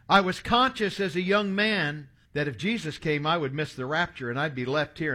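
Earnest preacher in his sixties, bright voice. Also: high-pitched. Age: 60s. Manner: earnest storytelling preacher, reading scripture aloud. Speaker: pastor. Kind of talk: sermon.

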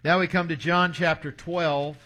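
A man in his sixties delivers a sermon, mixing stories with scripture read aloud. His voice is bright and sits a little high. He speaks with an earnest preacher's manner. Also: steady tone, normal speed. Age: 60s. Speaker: pastor.

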